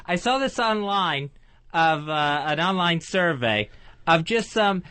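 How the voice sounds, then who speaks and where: A man's voice: on the high side, lively intonation, slow pace, bright, forceful tone, clean tone. A man co-hosting a radio show, complaining with indignant, whiny exasperation. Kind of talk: casual radio banter. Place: radio studio.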